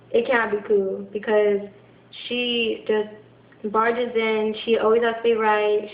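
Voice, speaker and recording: Frustrated young woman venting in an echoey room. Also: fairly high pitch. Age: young adult. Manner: frustrated, halting, many restarts and fillers. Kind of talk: venting to camera. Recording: echoey room, dull lo-fi sound.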